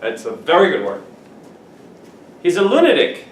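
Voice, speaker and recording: A man teaching English vocabulary to a class, animated and playful, acting out examples. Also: fairly high pitch, moderate pace. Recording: echoey room from far off, faint noise.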